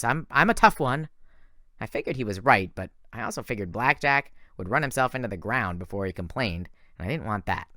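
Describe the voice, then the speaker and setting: A man reading a fan audiobook in a lively, casual first-person narration. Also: mid-range voice, no room sound, clean studio sound. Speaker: audiobook reader.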